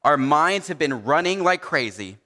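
Guy pastor preaching casual-like, lots of uh and you know, bright voice, echoing in a big church hall. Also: a little high, animated, moderate pace. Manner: conversational, uses many fillers and acts out quoted dialogue. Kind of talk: sermon.

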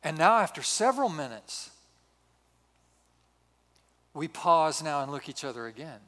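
High-voiced older man preaching in a hall. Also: measured pace. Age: 60s. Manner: animated, self-mocking humor. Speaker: pastor. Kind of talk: sermon storytelling. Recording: reverberant hall.

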